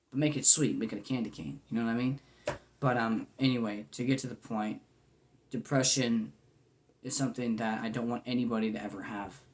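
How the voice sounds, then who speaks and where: A man in his twenties talking to camera in a goofy yet earnest, rambling way, full of "man" and "you know". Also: medium pitch. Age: 20s. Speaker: vlogger. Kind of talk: casual heartfelt monologue.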